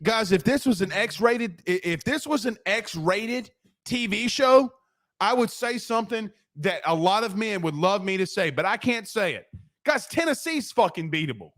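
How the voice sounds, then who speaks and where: High-voiced brash sports talk host. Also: male voice, animated, fairly bright tone. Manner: brash, profane, rapid-fire ranting. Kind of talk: fired-up postgame sports rant.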